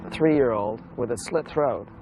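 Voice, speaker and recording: A woman correspondent conducting a news magazine interview, asking gentle, probing questions. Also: very deep voice, unhurried, over music.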